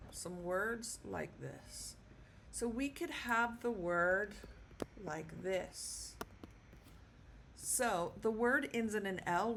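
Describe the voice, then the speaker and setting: A woman teaches at an easy, slow pace, patiently repeating each word so learners can follow. Her pitch sits in a middle range. A faint background hum sits under her voice in a small room. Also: gravelly, fairly bright tone. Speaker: Spanish teacher. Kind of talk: casual video lesson.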